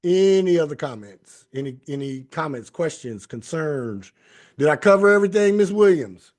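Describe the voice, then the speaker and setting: Man, spiritual show host, fairly high-pitched, emphatic, repeats himself, sing-song. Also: lively intonation, moderate pace, a little mellow. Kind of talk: spiritual talk show, casual group chat.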